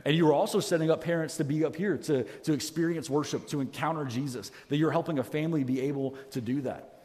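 A man's voice: fairly high pitch, quick pace, a little mellow, in a large hall. A man pastor preaching a sermon on a headset mic in a church, earnest and self-deprecating, often restarting his sentences. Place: church sanctuary. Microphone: headset microphone.

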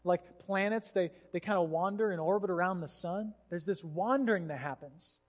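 A pastor preaching a sermon, telling a story with lively acted-out voices. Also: male voice, sits high, moderate pace. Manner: animated storyteller, acts out voices. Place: church hall. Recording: hall reverb.

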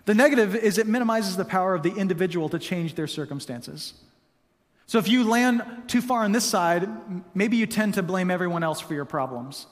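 A man's voice: high voice, animated, fairly quick. A man preaching a sermon as pastor, conversational and prone to restarts and casual asides. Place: church hall. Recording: long hall reverb.

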